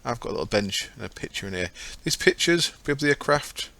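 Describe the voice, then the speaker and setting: A man's voice: medium pitch, big pitch swings, a little fast, gravelly, bright, forceful tone, no echo. Chatty man narrating gameplay. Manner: chatty, rambling, self-correcting. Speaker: gaming channel host. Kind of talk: casual gameplay commentary.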